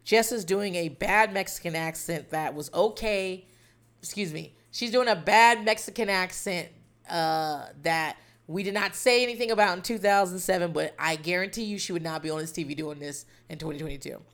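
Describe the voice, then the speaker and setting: A woman's voice: on the low side, normal speed, a bit bright. A woman hosting a podcast who recaps a reality dating show in a rambling, wry, profane casual chat.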